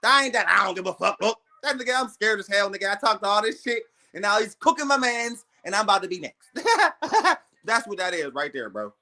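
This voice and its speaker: Streamer, male, trash-talking boxing commentary; bright, lively delivery, mocking and profane. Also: high-pitched, fast, hardly any pauses. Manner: mocking, profane, laughing, repeats himself.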